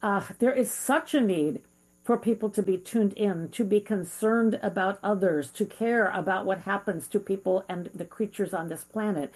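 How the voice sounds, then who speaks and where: A woman's voice: mid-range voice, normal speed, a little mellow. Earnest middle-aged woman hosting an interview. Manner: earnest, heartfelt, with frequent fillers. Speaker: interview host. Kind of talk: conversational interview.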